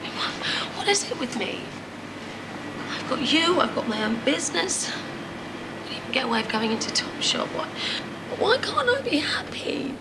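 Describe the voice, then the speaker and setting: High gravelly woman in her forties begging for a baby, noisy tv clip. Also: very animated, moderate pace. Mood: pleading. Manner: pleading, emotional. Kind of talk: TV drama clip.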